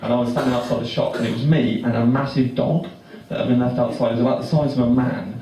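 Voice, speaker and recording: A young Englishman tells a meandering stand-up story, stopping and restarting with awkward, deadpan asides. His voice sits at an ordinary middle pitch. He is heard from across a very echoey live room, with noise running underneath. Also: quick pace, distant mic. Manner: rambling, self-interrupting, awkward deadpan. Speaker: stand-up comedian. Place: comedy club stage with audience laughing.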